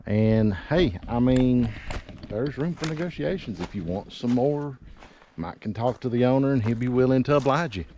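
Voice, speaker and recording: A man's voice: mid-range voice, lively intonation, normal speed, highs cut off, noisy background. A man, walking a piece of land outdoors and talking casually as a realtor, out of breath and rambling with many fillers. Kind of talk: casual walking property tour. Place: outdoors by a river and hillside.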